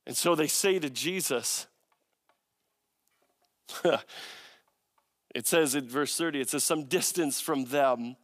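Male preacher, high voice, emphatic delivery, stacks up long lists and checks in with "right?". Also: slow, long pauses, a bit bright. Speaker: pastor. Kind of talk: sermon.

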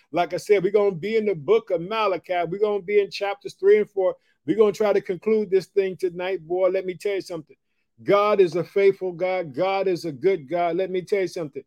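Pumped-up male podcast preacher, mellow tone. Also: high-pitched. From Chicago, Illinois. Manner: energetic, repetitive, folksy, calls listeners "family" and "boy". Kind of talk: enthusiastic devotional podcast talk.

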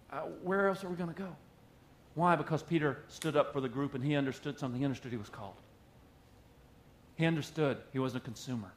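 Guy pastor preaching, chatty and jokey, kinda high voice. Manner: conversational and joking, acting out quotes. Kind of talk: sermon.

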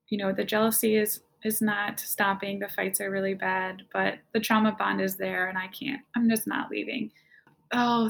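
A woman's voice: mid-range voice, vocal fry. A woman telling her personal story as an interview guest, in a casual, conversational way, often saying "like". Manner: casual, conversational, fills speech with "like".

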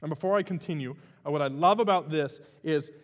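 A man's voice: a little high, fairly quick, big-room sound. A man preaching a sermon as pastor, in a conversational way with frequent fillers and restarts.

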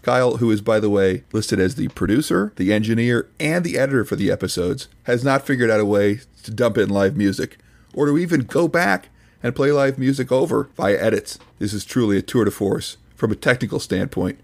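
A man's voice: medium pitch, expressive, fairly quick, gravelly. A man hosting a podcast, reading scripted commentary in a dry, mock-serious, pedantic manner. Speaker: podcast host reviewing another podcast.

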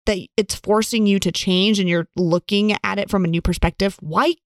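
A woman's voice: medium pitch, normal speed, no echo, clean studio sound. A woman in casual podcast conversation, talking earnestly with lots of "like" fillers. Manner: earnest, animated, many "like" fillers.

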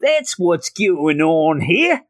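A man's voice: a little high, big pitch swings, drawn-out words, no room sound, clean studio sound, voice pushed up, full character voice. A man voicing a cocky young male mutant in a jaunty, exaggerated Australian accent. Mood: cheeky. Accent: Australian, put on.

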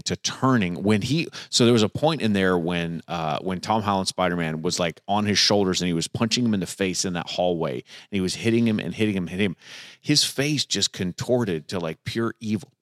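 Middle-aged male co-host, deep and lively, casual movie chat, dry booth sound. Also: a little fast, no echo. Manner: animated, laughs easily, stumbling restarts. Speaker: podcast co-host.

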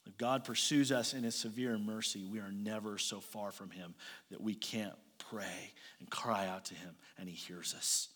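A man preaching a sermon as pastor, moving between loud emphatic lines and quiet asides. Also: on the low side, steady tone, normal speed, in a large hall.

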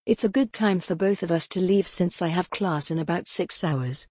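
A woman voicing a calm young man who speaks in a soothing, reassuring way in an audiobook. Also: on the low side, normal speed, slightly rough, no room sound, studio quality.

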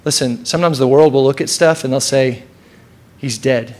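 A man preaching a casual, energetic sermon, repeating key lines and calling on the congregation to answer. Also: medium pitch, quick pace. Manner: casual, energetic preaching with repetition and audience call-outs. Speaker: pastor.

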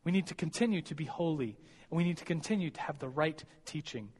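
Young man, casual sermon, slightly high voice, giggly and chatty, long hall echo. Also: lively intonation, fast, a little mellow, breathy edge. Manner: chatty and self-deprecating, giggles, stumbles and restarts. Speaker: preacher teaching college students.

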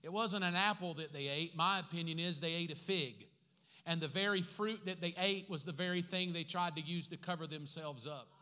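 Pastor guy preaching, high bright voice, cracks little jokes at the crowd, big echoey church hall. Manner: joking asides with the congregation between teaching points; slow emphatic repetition of key phrases. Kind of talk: sermon. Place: church sanctuary with congregation. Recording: long reverb from a large church hall.

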